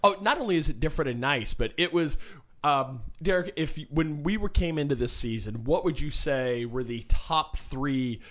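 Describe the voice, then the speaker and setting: A man's voice: on the high side, animated, moderate pace, a bit bright. A man co-hosting a casual sports podcast, talking in a loose, joking, rambling way with lots of fillers. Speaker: podcast co-host.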